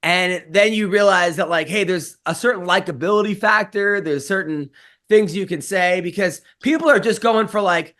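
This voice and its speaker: A man's voice: high-pitched, normal speed, a bit bright. A man co-hosting a podcast, chatting in a rambling, profane, jokey way and doing a playful ad read. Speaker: podcast co-host. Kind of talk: casual podcast chat with ad read.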